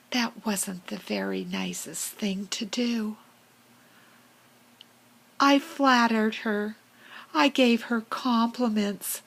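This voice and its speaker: A woman voicing a slow, husky fox. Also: medium pitch, full character voice, rough recording. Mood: earnest. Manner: slow, breathy storytelling to children. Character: friendly, vain female fox with a fluffy tail.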